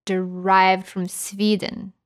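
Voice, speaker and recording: A woman's voice: medium pitch, flat delivery, slow pace. Canadian woman, podcast co-host, breezy and joking. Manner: chatty, playful, slips into joking accent impressions. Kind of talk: casual chat.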